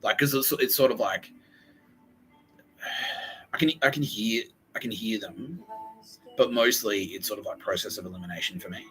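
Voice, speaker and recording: Low-voiced rambling man, music behind. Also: normal speed, long pauses, fairly bright tone, poor audio. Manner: rambling, meandering, heavy on fillers. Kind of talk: casual podcast chat.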